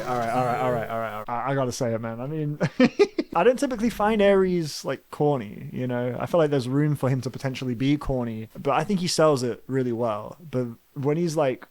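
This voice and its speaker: A young man reacting to an album in casual, excitable talk, full of slang, "like" and "man". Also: mid-range voice, dry recording. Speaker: music reviewer. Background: album playing faintly.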